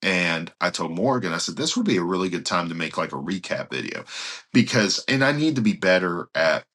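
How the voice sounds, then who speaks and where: A man, a pastor and guest, telling a story in conversation in an earnest, animated way and acting out what others said. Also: low-pitched, a little fast. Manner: animated, acts out others' speech while retelling; earnest, some restarts.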